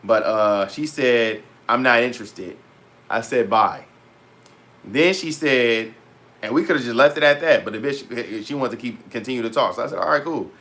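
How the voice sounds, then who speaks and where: A young man vlogging in a casual, animated rant to his viewers, full of slang and repeated asides. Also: medium pitch, normal speed. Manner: animated, heavy slang, repeats "bro" and "petty". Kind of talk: casual storytelling rant to camera.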